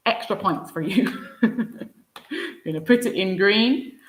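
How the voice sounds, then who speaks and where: A woman's voice: fairly low pitch, animated, slow, slight background noise. A woman teaching English in a live online lesson, patient and encouraging, answering viewers by name. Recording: roomy echo.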